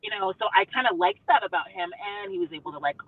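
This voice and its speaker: Animated woman over a tinny call line. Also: mid-range voice, fast, slightly rough, no echo. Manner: animated, acts out quotes from the book. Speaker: book club co-host. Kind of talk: casual chat. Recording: tinny phone-like call audio.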